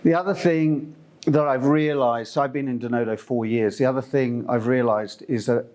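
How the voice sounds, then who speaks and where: A man's voice: medium pitch, steady tone, moderate pace, darkish tone. A middle-aged man from Zimbabwe giving a conference presentation, chatty and meandering, with lots of fillers and restarts. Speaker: company presenter.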